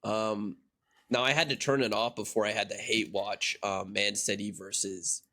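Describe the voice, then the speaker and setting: A man's voice: fairly low pitch, steady tone, moderate pace, sharp tone. An American man co-hosting a casual podcast, telling a rambling story with lots of fillers. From United States. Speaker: podcast co-host.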